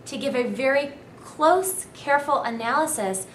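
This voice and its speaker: A woman university English lecturer giving a clear, emphatic seminar talk on essay writing. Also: high voice, normal speed, a bit bright. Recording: echoey room, faint noise.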